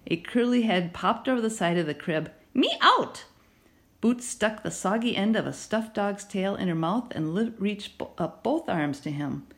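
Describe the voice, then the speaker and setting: Expressive woman narrating a children's novel. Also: fairly low pitch. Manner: expressive, storytelling. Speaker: audiobook narrator.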